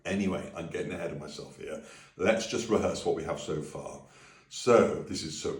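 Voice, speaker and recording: A man leading a friendly singing and language lesson, breaking into high sung phrases to demonstrate. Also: normal speed, reverberant, far from the mic. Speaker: music teacher.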